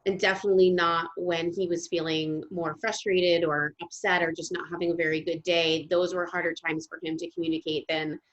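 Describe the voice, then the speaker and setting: A woman's voice: fairly low pitch, flat delivery. A young adult woman, a guest music therapist, telling stories in a casual interview with many ums and restarts. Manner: halting, restarts often with ums. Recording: dull lo-fi sound.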